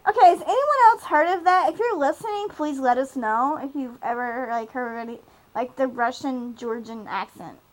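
High-pitched giggly young woman. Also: lively intonation, normal speed, rough recording. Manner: rambling, giggly, many fillers. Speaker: podcast co-host. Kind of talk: casual chat recapping a TV episode.

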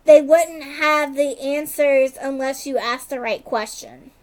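High-voiced woman in rambling casual chat. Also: fairly even intonation. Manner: rambling retelling, heavy use of "like", quick asides. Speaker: podcast co-host recapping a TV episode.

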